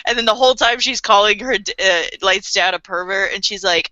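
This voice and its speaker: A woman chats on a casual podcast with a bright, forceful voice, giggling as she retells scenes and acts out the characters' lines. The sound is dry and a little dull and muffled, as from a home mic. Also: mid-range voice, brisk, dry recording. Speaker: podcast co-host. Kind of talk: casual podcast chat recapping anime.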